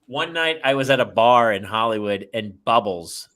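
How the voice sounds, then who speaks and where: A man's voice: medium pitch, moderate pace. A middle-aged man co-hosting a casual chat, telling an anecdote with lots of laughs. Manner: animated anecdote-telling, laughs through the story. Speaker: co-host.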